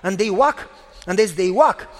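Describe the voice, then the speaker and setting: High-voiced man preaching in an echoing hall. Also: lively intonation. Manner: emphatic storytelling with dramatic pauses and repetition. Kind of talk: sermon. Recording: long reverb of a large hall.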